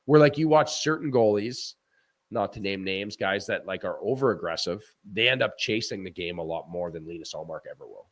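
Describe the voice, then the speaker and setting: A man, a former hockey goaltender, talking hockey in a loose, animated way with frequent restarts and laughs. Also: low voice, brisk. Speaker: former goaltender, guest analyst. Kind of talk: casual post-game chat.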